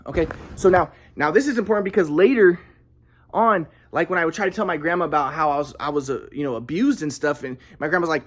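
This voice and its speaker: A young man telling a personal story in a halting way, often repeating words and restarting. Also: on the high side, lively intonation. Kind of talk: casual storytelling monologue.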